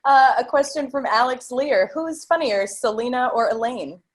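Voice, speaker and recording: A woman's voice: sits high, moderate pace. A woman moderating a livestream Q&A, reading out audience questions plainly with brief fillers.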